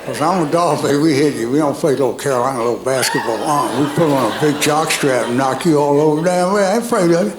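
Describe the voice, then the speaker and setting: An older man putting on a brash, boastful football player with a loud swaggering bark, in a roomy club with the audience laughing. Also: a little high, fast, few pauses, noisy background, lightly acted. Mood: cocky.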